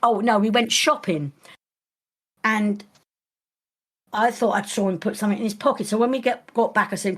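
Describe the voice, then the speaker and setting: A woman's voice: medium pitch, normal speed, pauses often. Older grandmother telling rambling stories. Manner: rambling, with frequent restarts. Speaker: podcast guest, grandmother. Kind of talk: casual storytelling.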